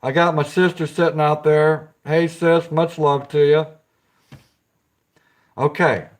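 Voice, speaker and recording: A man's voice: on the high side, level tone, slow. A man hosting a casual live stream, chatting with viewers, greeting them by name and giggling often.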